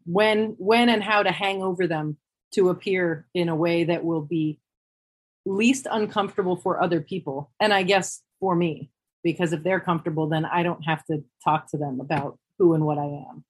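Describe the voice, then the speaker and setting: A woman on a podcast panel, talking things through in a thoughtful, candid way, often pausing and restarting her sentences. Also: lowish voice, breathy edge, rough recording. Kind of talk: reflective panel discussion.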